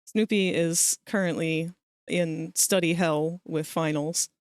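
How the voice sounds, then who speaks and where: A woman's voice: deep voice, steady tone, takes it slowly, clean tone, no room sound, clean studio sound. A young adult woman hosting a livestream, chatting casually with friends and laughing often. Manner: chatty, giggly, talks over friends. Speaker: livestream host. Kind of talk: casual stream chat.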